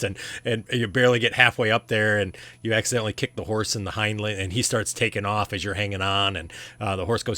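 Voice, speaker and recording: A man's voice: lowish voice, steady tone, brisk, few pauses, sharp tone, dry recording. A man narrating a tabletop game as game master, rambling with many ums and restarts.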